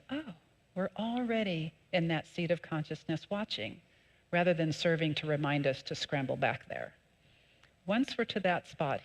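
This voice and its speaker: A woman minister giving a sermon, calm and measured in her teaching, with lively emphatic peaks. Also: low-pitched. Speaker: associate minister. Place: church sanctuary.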